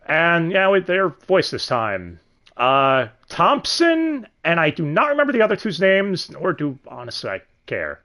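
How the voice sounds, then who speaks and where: A man hosting a casual, profane review of an anime dub, sardonic and quick to laugh. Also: on the high side, wildly swooping pitch, pushed and bright. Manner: sardonic, swears freely, laughs often.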